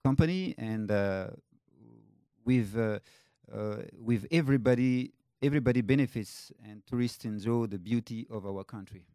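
A man from Madagascar whose first language is Malagasy, speaking English with a French-tinged accent. He is interviewed over a video call and talks in a halting way with many fillers. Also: mid-range voice, dark tone, clean tone, no room sound, studio quality. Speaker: tour company founder. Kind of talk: casual interview conversation.

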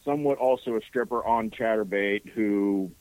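Midwestern guy calling in on the phone, lowish voice, dry sound, laid back. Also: normal speed, darkish tone, no echo, rough recording. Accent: Midwestern American. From Ohio, USA. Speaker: caller. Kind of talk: phone call-in chat.

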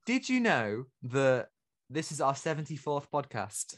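A man co-hosts a film podcast in a relaxed, joking chat. His voice sits at an ordinary middle pitch, and he teases his co-host and laughs a lot. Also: measured pace. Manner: teasing, laughs often. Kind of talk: casual chat.

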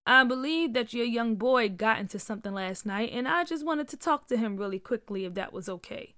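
A woman voicing a protective father who speaks in a calm but stern, measured way. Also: fairly high pitch, dry recording, studio quality.

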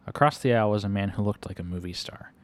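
A man with a fairly low voice reads a first-person story aloud. He keeps an unhurried, conversational pace, like someone telling a story from his own life. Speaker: reader.

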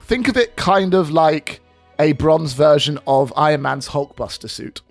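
A man's voice: fairly high pitch, a little slow, creaky, no room sound, soft background music. Male game master narrating. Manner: descriptive, steady narration.

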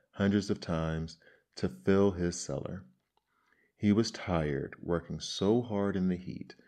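A man reading fables aloud in a measured, expressive storybook style. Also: sits low.

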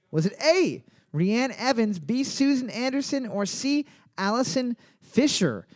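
A man hosting a casual trivia game, reading each question twice with loud joking calls. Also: very high voice, big pitch swings, measured pace. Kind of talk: casual podcast banter.

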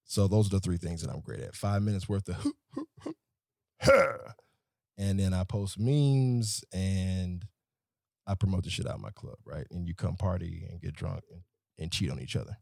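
A man who works as a nightlife promoter delivers an animated, exasperated and profane comedic rant. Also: deep voice, moderate pace, creaky, no echo, studio quality.

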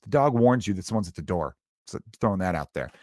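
A man's voice: sits low, sing-song, fast talker, a little mellow, no echo, studio quality. A male comedian hosting a podcast, ranting in a profane, sarcastic, exasperated monologue.

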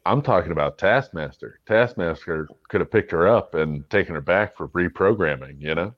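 A man with a very deep voice works through plot points in dry, casual podcast talk. The recording sounds dull and muffled, with no room echo. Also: moderate pace. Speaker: podcast panelist. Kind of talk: casual chat.

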